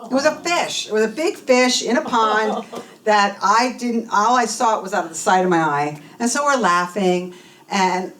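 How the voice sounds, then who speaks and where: A woman giving a personal testimony talk at a spiritual center, telling her story in an animated way and acting out the dialogue. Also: medium pitch, normal speed, slight background noise. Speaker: guest speaker. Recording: voice from a distance from the mic.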